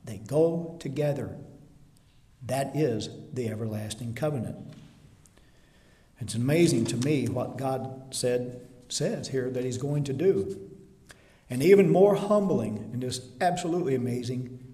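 A male pastor preaching a sermon to a seated congregation, reading scripture slowly and emphatically, often rising to louder declarations. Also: medium pitch. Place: church hall before a seated congregation. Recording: echoey hall with long reverb.

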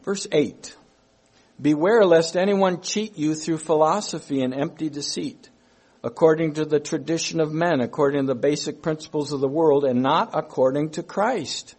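A man preaching a sermon, slow and emphatic, repeating his key phrases as he works through a Bible verse. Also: fairly high pitch, darkish tone, slightly rough.

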